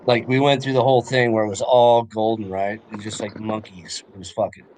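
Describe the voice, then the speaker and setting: A man's voice: fairly low pitch, flat delivery, a little fast, a little mellow, slight background noise. Rambling young man telling a story. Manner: rambling storytelling full of fillers and swearing. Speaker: podcast co-host. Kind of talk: casual chat.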